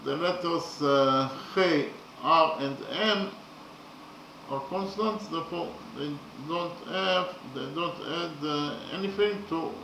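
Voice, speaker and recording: A man lecturing slowly and methodically, often pausing with fillers as he works through his points. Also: fairly high pitch, gravelly, sharp tone, slight background noise. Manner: slow, methodical, hesitant with frequent fillers. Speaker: literature teacher. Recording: echoey room.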